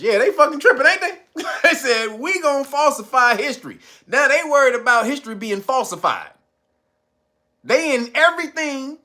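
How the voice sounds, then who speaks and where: A man's voice: extremely high pitch, pushed and bright. A man hosting a podcast, giving casual profane commentary, reading live chat, laughing often and mocking.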